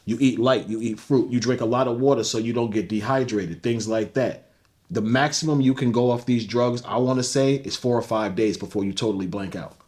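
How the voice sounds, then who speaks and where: A man's voice: medium pitch, fairly quick, a little mellow. A man, a guest on an interview show, speaking bluntly and matter-of-factly. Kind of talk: candid interview talk.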